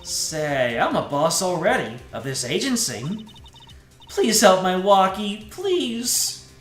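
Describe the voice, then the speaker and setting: A man voicing a sweet, doting young woman who coos and pleads in a breathy voice, in an echoey room. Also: high-pitched, very animated, takes it slowly, a bit bright, faint music behind, pitched above the performer's own voice, heavily acted. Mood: cooing.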